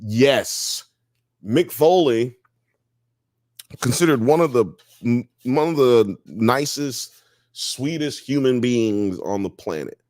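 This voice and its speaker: A man from the US South and Midwest hosts a live show, lazily reading chat comments out loud and riffing on them. His medium-pitched voice is animated yet slow and slightly mellow, captured in a dry, clean studio recording.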